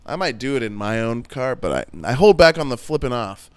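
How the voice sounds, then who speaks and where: A man's voice: medium pitch, big pitch swings, a little fast, clean tone, dry recording. A man in his thirties hosting a podcast solo, rambling and joking crudely in casual chat. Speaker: podcast host.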